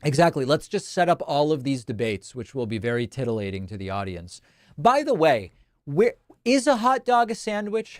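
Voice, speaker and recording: A male host from Argentina with a fairly high voice chats wryly on a livestream, reading out viewer messages and tossing in animated asides. The recording is dry and studio quality.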